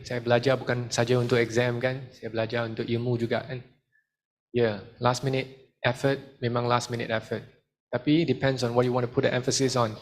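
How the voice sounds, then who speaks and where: A man giving a study skills seminar to students and taking questions, switching into Malay now and then. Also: medium pitch. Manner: lively, mixes in Malay phrases. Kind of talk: seminar talk with Q and A.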